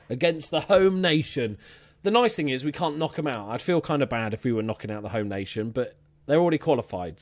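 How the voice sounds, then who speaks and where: A young man casually commentating his own football management game, chatty and excitable, swearing now and then. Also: medium pitch, no room sound. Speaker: let's play host.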